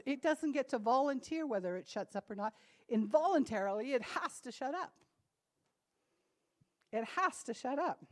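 A woman preaching to a congregation with a slightly high voice. She talks to them like friends, with laughing asides and dramatic pauses. Her loudness swings from soft, drawn-out lines to sudden shouted commands. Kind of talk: sermon.

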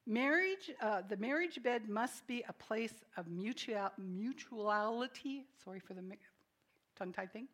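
A woman preaching a sermon in a conversational way, asking the congregation questions and adding quiet, joking asides between emphatic statements. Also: on the high side, animated, measured pace. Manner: swings from emphatic declarations to soft, quiet asides.

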